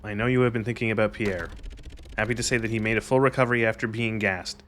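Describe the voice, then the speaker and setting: A war-weary young soldier writes home to his mother, read out by a man in his own low voice. He speaks slowly and plainly, with no accent. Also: slight background noise, lightly acted. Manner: plain, steady reading without accent.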